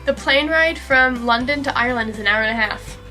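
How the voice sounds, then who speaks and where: A woman's voice: sits high, a little fast, bright, forceful tone, soft background music. A young woman from Kentucky chatting casually about studying abroad, acting out quotes as she tells stories. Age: young adult. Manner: chatty storyteller, acts out quotes. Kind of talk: casual chat.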